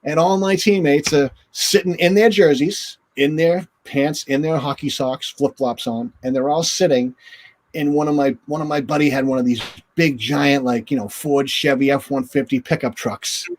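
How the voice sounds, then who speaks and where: A former goalie talks through a long anecdote in a loose, rambling way, backing up and restarting his sentences. He slips into quick impressions of coaches and teammates along the way. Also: fairly high pitch. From northern United States. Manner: rambling, animated storyteller acting out voices. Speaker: interview guest, former goaltender. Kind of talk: casual storytelling.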